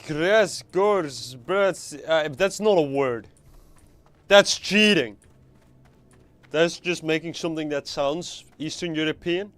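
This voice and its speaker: A man's voice: fairly high pitch, takes it slowly, a bit bright, no room sound. Rambling playful man streaming a game. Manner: rambling, playful, swears casually. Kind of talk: casual live game stream chat.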